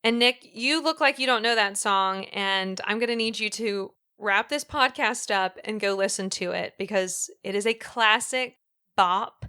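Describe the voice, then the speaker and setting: A woman co-hosting a podcast in casual chat, an animated storyteller who fills her talk with "um" and "like". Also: mid-range voice, a little slow, smooth. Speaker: podcast co-host.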